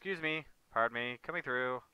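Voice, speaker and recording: A man with a medium-pitched, brisk, sharp yet clean voice hosts a livestream in a dry recording, casually playing a farming game. He chats with viewers and co-players, grumbling now and then with mild, exasperated outbursts as he comments on the gameplay.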